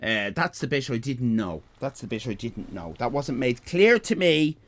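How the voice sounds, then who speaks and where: Lively Irish man in his fifties. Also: mid-range voice, moderate pace. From Ireland. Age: 50s. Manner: rambling, repeats himself, jokey and swearing. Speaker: streamer. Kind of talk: casual live-stream chat.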